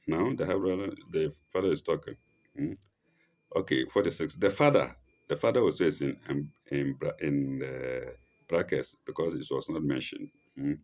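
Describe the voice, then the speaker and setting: A man reading and explaining scripture slowly, often repeating words and correcting himself as he reads. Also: rumbling low, vocal fry, a little mellow. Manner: reads Arabic phrases aloud slowly. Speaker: religious teacher. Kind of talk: slow scripture study commentary.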